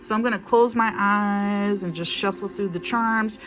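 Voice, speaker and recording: A woman's voice: medium pitch, fairly even intonation, moderate pace. A woman giving a casual spiritual reading to a phone, chatty and emphatic, repeating herself and calling viewers honey. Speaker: spiritual reader.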